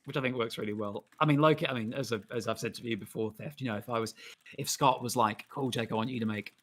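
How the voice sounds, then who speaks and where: A man's voice: medium pitch, fast, fairly bright tone. Giggly rambling man. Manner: giggly, rambling, swears freely. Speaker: guest animator. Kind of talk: casual stream chat.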